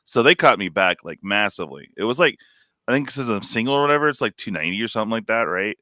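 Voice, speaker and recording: Animated chatty male streamer. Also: fairly low pitch, quick pace, no echo, clean studio sound. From California. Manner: rambling, animated, lots of "like" and "dude". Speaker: stream host. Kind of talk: casual live-stream chat.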